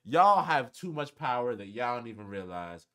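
A young man telling a casual storytime on his channel, animated and heavy on profanity and slang. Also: mid-range voice, normal speed, clean tone. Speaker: vlogger.

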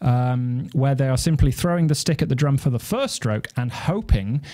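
In this instructional demo, a man explains snare drum technique one step at a time while counting beats aloud. His voice is mellow and medium in pitch, his pace moderate, and snare drumming can be heard behind him.

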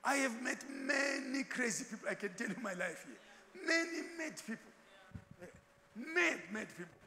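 A man preaching as a bishop speaks at a moderate pace in an extremely high-pitched, bright, forceful voice with lively intonation. He engages the congregation through call-and-response and rhetorical questions, laughing often during humorous stories, while the recording carries long hall reverb and faint background noise.

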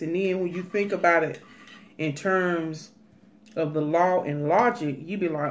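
A woman's voice: lowish voice, moderate pace, a little hiss or hum. Woman giving emphatic casual advice. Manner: emphatic, advice-giving, repeats "let me tell you". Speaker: cooking and mukbang vlogger. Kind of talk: casual chat.

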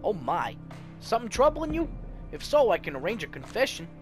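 A player voicing a smarmy male vampire preacher who sermonizes with unctuous calm. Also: mid-range voice, fairly quick, music in the background, voice pushed up, lightly acted. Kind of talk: voicing game dialogue.

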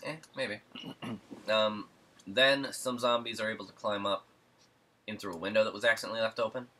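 A man's voice: lowish voice, fairly even intonation, normal speed, sharp tone. A man co-hosting a podcast who recaps a film's plot in a casual, rambling way, with many "like"s and "um"s. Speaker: podcast co-host. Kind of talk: casual film recap chat.

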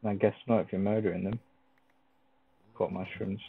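A man's voice: on the low side, little pitch movement, normal speed, gravelly, slightly rough. A man casually chatting and joking while playing a game with friends. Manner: teasing, jokey, laughs a lot. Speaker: Minecraft let's player. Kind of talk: casual gaming chat. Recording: dry, phone-like voice chat.

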